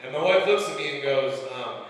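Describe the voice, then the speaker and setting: A man's voice: fairly high pitch, expressive, fairly quick, crowd noise. A man in his forties doing a stand-up set in a comedy club, telling crude self-mocking stories. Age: 40s. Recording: roomy club sound from a distance. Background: audience laughter.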